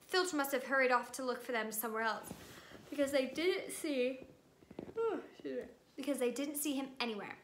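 A woman reading a novel aloud to students with lively, expressive storytelling. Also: high voice, moderate pace, slight background noise. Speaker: reader.

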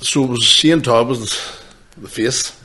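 A man's voice: medium pitch, unhurried, bright, forceful tone, breathy edge. A man, hosting a podcast and telling rambling, swearing stories between bursts of laughter. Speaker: podcast host. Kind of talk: casual chat.

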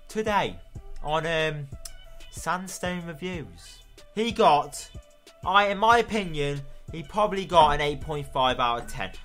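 Young British lad, gameplay commentator, a touch high-pitched, excitable and sweary, quiet game music behind. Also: male voice. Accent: British English. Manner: excitable, swearing, shouting at the ref. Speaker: gaming video host.

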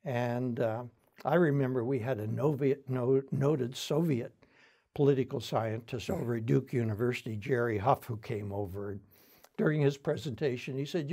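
A man's voice: mid-range voice, normal speed, vocal fry, darkish tone, husky. An older man telling stories in an oral history interview, reflective, with frequent fillers and restarts. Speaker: interviewee, founding center director.

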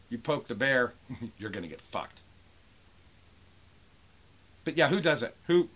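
A man's voice: mid-range voice, animated, measured pace, long pauses, a bit bright. Angry Pittsburgh man ranting. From Pennsylvania. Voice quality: profane, heated, sarcastic. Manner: reads out messages with mocking emphasis. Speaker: toy seller and channel owner. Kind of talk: angry rant vlog.

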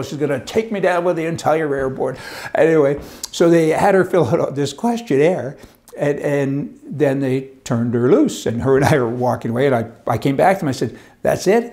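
A man's voice: fairly high pitch, vocal fry, darkish tone. An older man, a commentary host, talking in a rambling, folksy monologue with chuckling asides.

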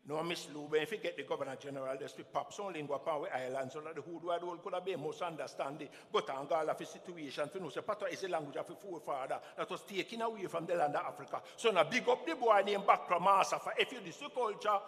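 A man's voice: fairly high pitch, quick pace, hardly any pauses, big-room sound. A Jamaican man performing spoken-word dub poetry on stage, chanting rhythmic refrains and calling on the audience to respond. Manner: chanting, call-and-response, animated shifts between loud and hushed. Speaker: poet performer. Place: festival stage in a hall.

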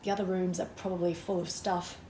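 A woman's voice: on the low side, level tone, fairly quick, mellow, reverberant, slight background noise, lightly acted. A woman reading as an easygoing, evasive dad. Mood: reassuring.

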